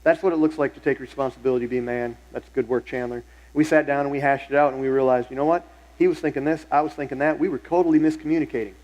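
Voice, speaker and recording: A man's voice: mid-range voice, fairly even intonation, fast talker, darkish tone, poor audio. A middle-aged male pastor preaching a sermon in a church, telling stories in a conversational way and repeating phrases for emphasis. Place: church sanctuary.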